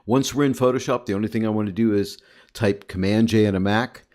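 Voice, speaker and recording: A man's voice: on the low side, fairly quick, darkish tone. A man giving a chatty, upbeat photo editing tutorial over a screen recording, often addressing viewers as guys.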